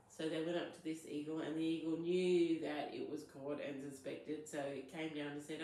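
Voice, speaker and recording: Chatty low-voiced woman storyteller. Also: fairly even intonation, normal speed, mellow, a little hiss or hum. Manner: chatty, loose, with fillers. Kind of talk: casual myth retelling. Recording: very echoey room.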